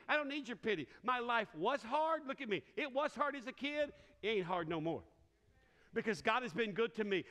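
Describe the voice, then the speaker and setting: A middle-aged man preaching in a large church hall, where his voice carries a long echo. His voice sits high and sounds bright. He tells his story with humor and laughs often as he goes. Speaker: pastor. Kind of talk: sermon. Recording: reverberant hall.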